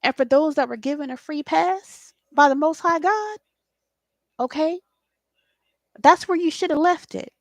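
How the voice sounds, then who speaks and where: A woman's voice: high-pitched, measured pace, pauses often, no echo, studio quality. A woman, hosting a spiritual late-night talk in an impassioned, preachy way and swearing freely. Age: 40s. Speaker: spiritual host.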